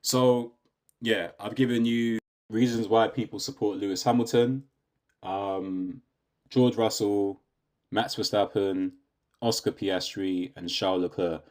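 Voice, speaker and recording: A man's voice: on the low side, fairly even intonation, a little slow, a little mellow. A British man giving a casual, opinionated rant, asking rhetorical questions and often checking in with his listener. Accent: British English. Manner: conversational, rhetorical questions, says "do you know what I mean" often. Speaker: YouTube commentator.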